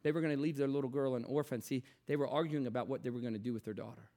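A man preaching a sermon, moving between quiet storytelling and loud, urgent exhortation. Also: mid-range voice, steady tone, rapid-fire.

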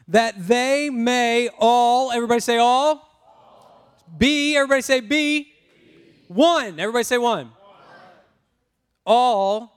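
A man preaching a lively sermon, prompting the congregation to repeat words and talking in a casual, self-interrupting way. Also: high-pitched, clean tone. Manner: energetic, call-and-response with congregation. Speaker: pastor.

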